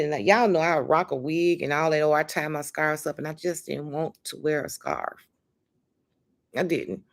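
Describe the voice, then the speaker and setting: This is a woman, chatting to viewers on a live stream. Her voice sits a little low. She talks emphatically and fondly, leaning on honey and baby as she speaks into her phone or webcam. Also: gravelly. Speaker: livestream host. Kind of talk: casual livestream chat.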